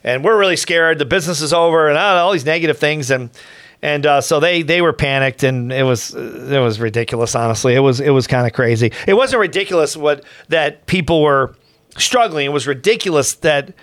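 A middle-aged man tells a long story from his working life in a casual, wandering way, stopping to restart his sentences and toss in asides. His voice sits slightly high for a man. The sound is dry and close, with no room around it. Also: brisk, no room sound. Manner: rambling, many restarts and asides, animated quotes. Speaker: podcast host, professional speaker.

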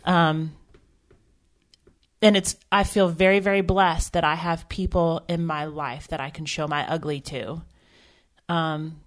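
A woman's voice: sits low, fairly even intonation, a little slow. A woman co-hosting a podcast, talking earnestly and emotionally about faith, with frequent restarts. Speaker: podcast co-host. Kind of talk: candid faith podcast conversation.

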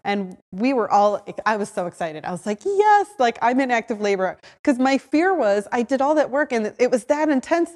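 Woman telling her own story, lively, says like a lot, a bit of long echo on it. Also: fairly high pitch, moderate pace, few pauses. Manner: animated, acts out her own voice in quotes, frequent "like". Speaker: podcast host telling her birth story. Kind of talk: personal storytelling.

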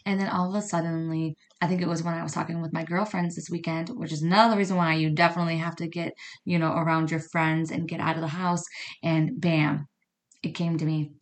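A woman's voice: sits low, flat delivery, brisk. A woman who works as a medium and card reader, talking in a chatty podcast monologue and often checking in with her listeners. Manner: chatty, conversational, frequent "you know what I mean" and "right?".

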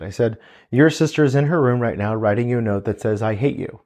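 A man in his thirties, a father, speaks in a mid-range, slightly mellow voice at a fairly quick pace. He earnestly offers parenting advice in a casual way, telling stories about conversations with his kids and quoting what was said.

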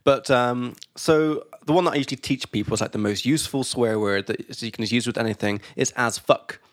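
A man in a laid-back podcast chat, voice sitting at an ordinary pitch. He laughs easily and wanders off mid-sentence. The sound is close and dry. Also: brisk, dry recording. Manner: relaxed, laughs often, trails off and restarts. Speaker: podcast co-host. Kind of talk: casual chat.

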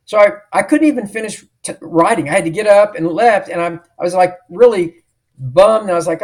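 A man's voice: sits high, fairly quick. A middle-aged man, an author and podcast guest, telling a story emphatically and acting out the dialogue he remembers. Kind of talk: storytelling in an interview.

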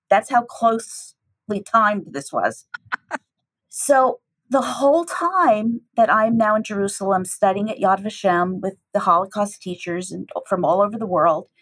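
Breathy woman telling a lively story. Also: poor audio. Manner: lively, acts out dialogue with shifting pitch. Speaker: teacher telling a personal story. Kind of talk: animated personal storytelling.

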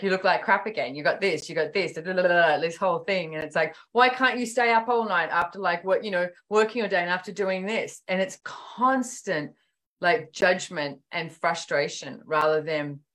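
This low-voiced woman is a guest author in casual podcast conversation. Animated storytelling, performed dialogue, and many fillers such as "like" and "you know" run through her talk.

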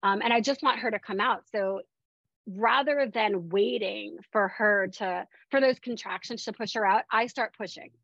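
A woman from Florida telling her story as a podcast guest in a chatty, animated way with lots of fillers. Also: mid-range voice, normal speed, creaky, no echo. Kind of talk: casual personal storytelling. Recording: dull, dry lo-fi sound.

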